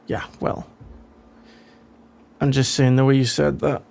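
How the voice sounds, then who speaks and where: A man playing a gravelly sarcastic office rival. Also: mid-range voice, level tone, measured pace, a little mellow, slight background noise. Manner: sarcastic, dry and grumbling. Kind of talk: ASMR role-play.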